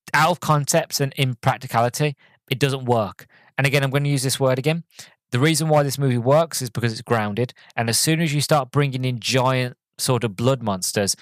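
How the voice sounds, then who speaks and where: Male podcast host, mid-pitched, casual rambling reviewer, dry close sound. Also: no room sound. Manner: rambling, filler-heavy, self-correcting.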